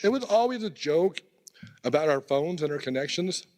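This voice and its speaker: A man's voice: a little high, expressive, moderate pace, darkish tone. A man giving a eulogy at a memorial, telling casual, conversational personal stories. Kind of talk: storytelling eulogy. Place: temple hall.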